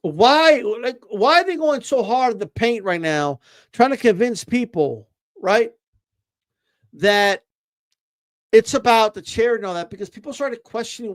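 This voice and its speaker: Brief: opinionated male boxing host with a high voice, stumbling over repeated words as he rants. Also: expressive, unhurried. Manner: ranting, rhetorical "right?" tags, repeats words, says "bro". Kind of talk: opinionated casual commentary.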